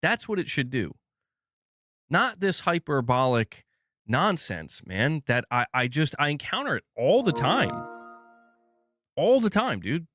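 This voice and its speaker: Excitable swearing man on a dry mic. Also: fairly high pitch, measured pace, long pauses, no room sound, faint music behind. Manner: excitable, swearing, self-mocking, repeats and restarts words. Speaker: gaming livestream host. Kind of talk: live commentary rant. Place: indoor room at home.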